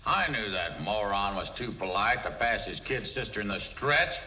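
A man voicing a gruff, impatient talking mule in a 1950s film comedy, with a sardonic, bossy manner. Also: lowish voice, expressive, moderate pace, sharp tone, a little hiss or hum, low-quality recording.

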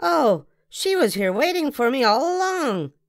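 A woman voicing an excitable little girl with a big imagination, reading with a theatrical, sing-song manner. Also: sits high, measured pace, no echo, clean studio sound, voice pushed up, exaggerated voice. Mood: playful.

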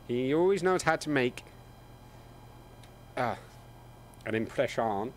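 A man's voice: mid-range voice, animated, takes it slowly, pauses often, a little hiss or hum. A man casually commentating a game on a live stream from a home desk mic, chatty and playful. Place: home room. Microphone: desk microphone.

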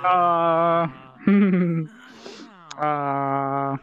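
A woman streaming a game live, loud and excitable, yelling and swearing at the other players. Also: deep voice, very slow, highs cut off.

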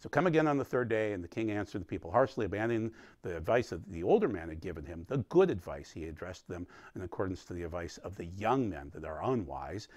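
A man's voice: deep voice, big pitch swings, fast, few pauses, a little mellow, no echo. A man teaching a recorded Bible study, explaining with emphatic energy.

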